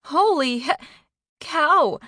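A loud, excitable young woman, put on by a woman reading an audiobook, her voice pitched high and bright above the reader's own. She blurts out exclamations with a blunt edge. The recording is close and dry, with no room sound. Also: normal speed, no room sound, lightly acted. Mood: flustered.

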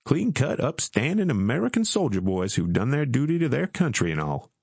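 A laid-back young soldier who speaks in a slow, deliberate drawl, as a male audiobook narrator puts him on. The voice sits a little above the reader's own low tone, close and dry. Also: sing-song, creaky, darkish tone, breathy edge, no echo, full character voice. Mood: wry. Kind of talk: audiobook character voice.

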